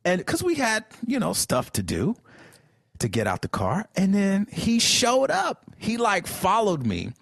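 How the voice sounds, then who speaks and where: A man, a podcast co-host telling a story with lively acted-out quotes. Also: high-pitched, unhurried, creaky, slightly rough, no echo, studio quality. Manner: animated storyteller acting out quotes. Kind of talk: casual chat, storytelling.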